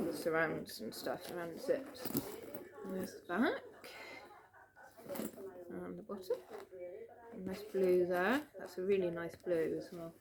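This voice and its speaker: A British woman chatting casually into a camera at home, rambling cheerfully with plenty of fillers and little laughs. Her voice sits a bit low for a woman. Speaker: vlogger. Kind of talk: casual show-and-tell chat. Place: home room.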